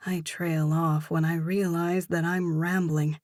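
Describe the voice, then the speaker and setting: A woman narrating a romance novel in first person with steady storytelling. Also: on the low side, unhurried, few pauses, dry recording, studio quality. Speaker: audiobook narrator.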